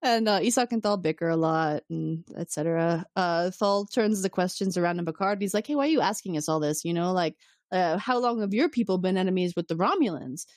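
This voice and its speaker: Co-hosting a relaxed podcast, a woman recaps episodes by animatedly retelling a story and performing the characters' dialogue. Her fairly low, darkish voice is expressive and a little fast, with clean studio sound and no room echo.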